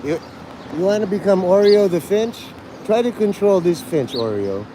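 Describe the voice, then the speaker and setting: A man's voice: high-pitched, animated, moderate pace, dark tone, slight background noise, low-quality recording. A man from New York City livestreaming outdoors, rambling erratically and taunting his chat in an abrasive way. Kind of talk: rambling live-stream chat.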